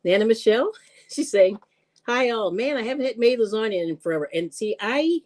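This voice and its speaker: A woman with a fairly high voice hosts a live-stream cooking show at a brisk pace, chatting casually, laughing often, and greeting viewers with excited squeals.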